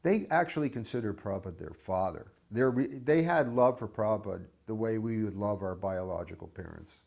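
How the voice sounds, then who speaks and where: A man's voice: on the low side, animated, brisk, gravelly, a little mellow. A man reminiscing in an interview, reflective and hesitant, often restarting his sentences. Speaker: devotee recalling memories.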